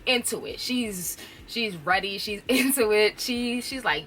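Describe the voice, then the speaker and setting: A woman's voice: mid-range voice, measured pace, hardly any pauses, a bit bright. A woman reviewer casually recapping a TV episode, chatty and often laughing. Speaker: TV show reviewer.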